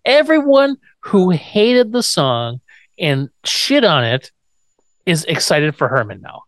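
A man's voice: fairly high pitch, big pitch swings, slow, fairly bright tone, no room sound. A man co-hosting a podcast, casually retelling a TV episode and acting out the characters' lines with laughs. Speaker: podcast co-host. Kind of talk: casual chat recapping a TV episode.

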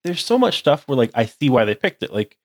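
A man's voice: mid-range voice, very animated, a little fast, no room sound, studio quality. A young man co-hosting a casual podcast chat, rambling with lots of "like". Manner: rambling, heavy use of "like". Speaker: podcast co-host.

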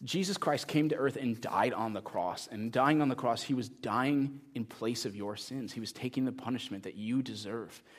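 A man preaching a sermon as pastor, telling a story with lively energy and then making a quiet, earnest appeal to the congregation. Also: mid-range voice, moderate pace, hardly any pauses.

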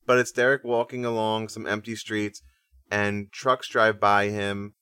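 A man co-hosting a music podcast, casually explaining things in a relaxed way. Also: fairly low pitch, unhurried, clear, resonant tone, no echo, clean studio sound. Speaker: podcast co-host.

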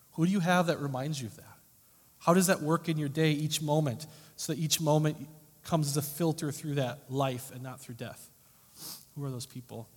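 A man preaching a sermon as pastor, earnest and emphatic, often rising and falling sharply in loudness. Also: mid-range voice. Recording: long hall reverb.

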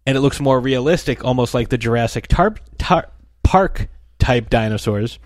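A man talks in a relaxed, chatty way about comic strips, now and then jumping into the characters' lines. His voice sits at an ordinary pitch. The recording is close and dry, with almost no room sound. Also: normal speed, no echo. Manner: animated storytelling, acts out the characters' lines.

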